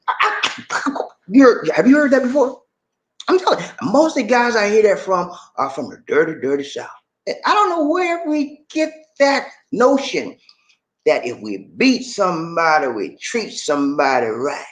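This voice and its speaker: An animated man delivering a preachy vlog monologue straight to his viewers. His pitch swings widely as he lectures, and he keeps calling out to the viewer with "man". The delivery is loose and conversational. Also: normal speed. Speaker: YouTube creator.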